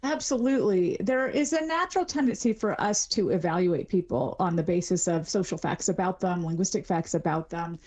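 A woman's voice: fairly low pitch, fairly quick, few pauses, a little mellow. A middle-aged woman, a linguistics professor, explaining things articulately as a guest in an interview. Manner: articulate, explanatory, with some fillers. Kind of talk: expert interview.

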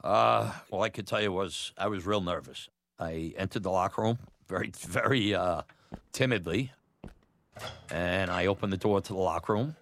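A man's voice: sits low, moderate pace, creaky, fairly bright tone, no room sound. A man telling a personal story about his youth, candid and conversational, chuckling now and then. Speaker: storyteller, former batboy.

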